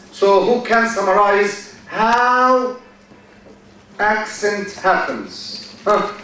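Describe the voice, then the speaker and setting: A man giving a university lecture in a large hall, speaking slowly, repeating key phrases and quizzing his students. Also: high voice, sharp tone, slight background noise. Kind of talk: classroom lecture. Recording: echoey hall from far off.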